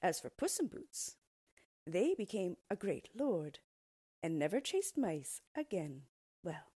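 A woman reading a fairy tale aloud in an expressive storybook style. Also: lowish voice, takes it slowly, slightly rough, dry recording, clean studio sound.

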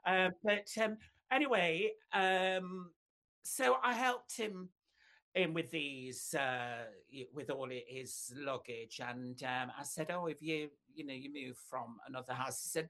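Rambling, camp older singer. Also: female voice, moderate pace. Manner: rambling storyteller, many fillers, camp asides, pitch leaps up when excited. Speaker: singer being interviewed. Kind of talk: chatty anecdotal interview.

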